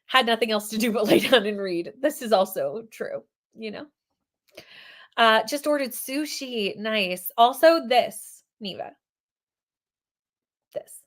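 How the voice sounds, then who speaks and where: A woman, hosting a reading livestream in casual chat and reading out comments. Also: on the high side. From Canada. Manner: chatty, upbeat, quick asides. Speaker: livestream host.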